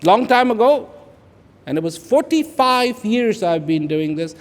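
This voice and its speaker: A man in his fifties from India, speaking, gives an inspirational speech to an audience. He repeats phrases for emphasis and swings between hushed and loud. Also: high voice, big pitch swings, measured pace. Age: 50s. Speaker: public speaker. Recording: echoey large hall.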